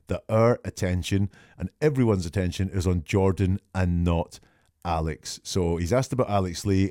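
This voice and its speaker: Low-voiced man analyzing statements. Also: a little mellow, no room sound, clean studio sound. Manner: questioning, emphatic, quotes and dissects answers. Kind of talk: analytical commentary.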